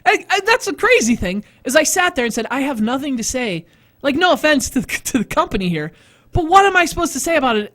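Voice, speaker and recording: A man with a high-pitched voice hosts a casual live stream. He rambles through his stories with plenty of self-mockery and quick laughter. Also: fairly bright tone. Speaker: host. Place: studio.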